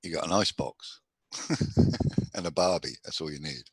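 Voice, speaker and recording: A man's voice: a bass voice, unhurried, breathy edge, dry recording. A man joining a casual livestream chat, making wry jokes. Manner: joking, wry.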